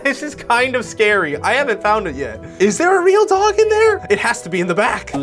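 A young man hosts a casual reaction video, full of slang and quick exclamations. His voice swings widely in pitch as he reacts. Clear music plays underneath. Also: very animated, fairly bright tone.

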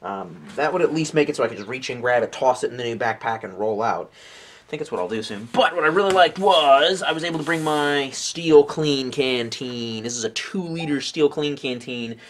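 A man's voice: mid-range voice, expressive, normal speed. A man in his late twenties casually reviewing outdoor gear, rambling with jokes and offhand swearing. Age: late 20s.

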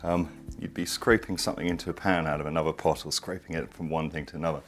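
A middle-aged man chats his way through a recipe in his home kitchen. He wanders off on asides and returns to the cooking with plenty of enthusiasm. His voice sits very low, with faint music underneath. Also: steady tone, quick pace. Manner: chatty, digressive, enthusiastic. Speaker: cooking show host. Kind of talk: casual cooking demonstration.

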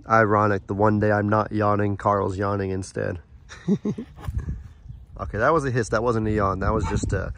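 A man's voice: on the low side, moderate pace, long pauses. Chatty man vlogging outdoors on a farm. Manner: chatty, rambling, softly coaxes his animals. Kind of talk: casual vlog. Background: light wind outdoors.

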